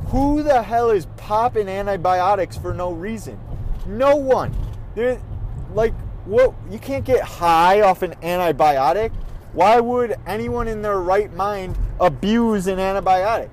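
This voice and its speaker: A man's voice: high voice, a little slow, darkish tone, a little hiss or hum, low-quality recording. A man vlogging from his car, ranting in an irritated, profane way while he drives. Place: in a car on the road.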